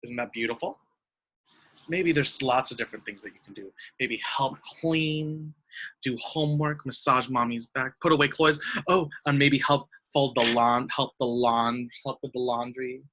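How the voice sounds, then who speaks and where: A young man teaching young children in an online lesson, speaking slowly in a sweet, sing-song way. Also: mid-range voice, bright, forceful tone, slight background noise, rough recording.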